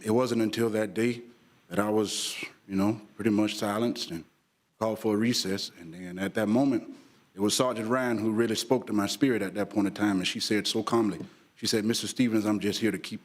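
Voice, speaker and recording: A man, a reverend, giving an earnest, conciliatory public comment at a podium microphone in a city commission chamber, with a preacher-like cadence. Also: on the low side.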